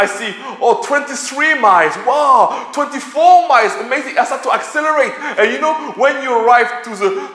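Guy preaching, high bright voice, big echoey church room. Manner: animated, repeats words and restarts often. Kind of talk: sermon with storytelling. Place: church hall.

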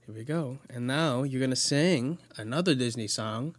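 A woman's voice: rumbling low, moderate pace, no room sound, studio quality. A young woman hosting a casual chat, playful and teasing, laughing often. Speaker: host.

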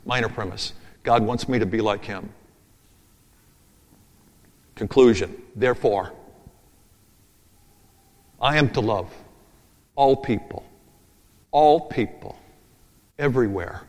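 A man's voice: fairly low pitch, unhurried, pauses often. A man preaching a sermon, emphatic and rhythmic, repeating key phrases and thinking aloud over his notes. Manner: talks through his notes aloud, with asides. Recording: long reverb of a large hall.

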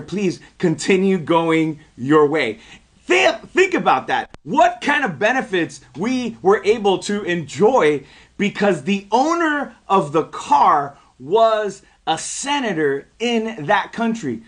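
A man preaching a sermon, telling a personal story in an animated way before building into emphatic preaching. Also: high-pitched, measured pace. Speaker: pastor.

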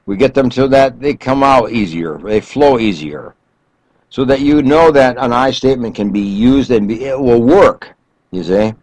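A man's voice: medium pitch, animated, moderate pace, a little mellow, no echo, rough recording. A male therapist giving an emphatic self-help talk, counting off numbered steps and repeating key phrases.

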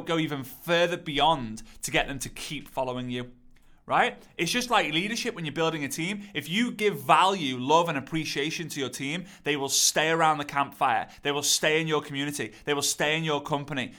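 A man coaching on content creation in an energetic, repetitive, rallying teaching monologue. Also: fairly high pitch, brisk.

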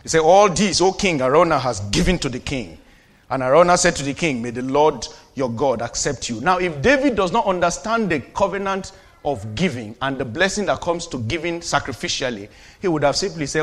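A man preaching as a pastor, calling to the congregation and dropping from loud declarations to quiet asides. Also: a little high, animated, moderate pace. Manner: preachy call-and-response, swings from shouting to quiet asides. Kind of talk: sermon.

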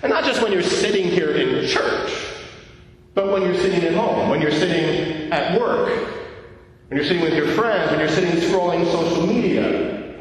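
Preaching in a church, a male pastor questions the congregation directly and jokes at his own expense. His high-pitched voice is animated at normal speed, miked from far off in an echoey church hall.

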